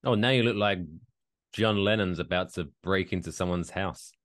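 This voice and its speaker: A man co-hosting a podcast, trading quick jokes and bits in casual banter. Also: low voice, fairly bright tone, no echo, studio quality. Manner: joking, quick with bits and voices. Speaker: podcast co-host.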